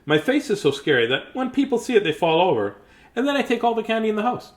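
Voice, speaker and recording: A man's voice: high voice, sing-song, fast, echoey room, pitched above the performer's own voice. A man voicing a young boy who trick-or-treats with a scary face, speaking bluntly. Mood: matter-of-fact.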